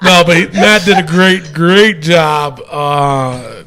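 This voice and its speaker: A man co-hosting a wrestling podcast in casual chat, excitable and laughing often. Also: fairly high pitch, slow pace, noisy background. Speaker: podcast co-host.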